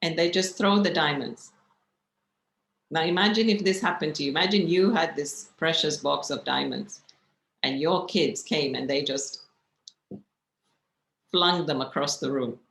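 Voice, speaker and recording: A woman's voice: low voice, a little slow, creaky, pauses often, a bit bright, echoey room, low-quality recording. A woman meditation teacher giving a spiritual class, telling stories and asking her listeners rhetorical questions.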